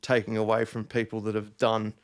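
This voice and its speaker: A man's voice: fairly low pitch, monotone, brisk. A man, a DJ guest, chatting loosely and swearing freely in a casual conversation. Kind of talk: casual chat.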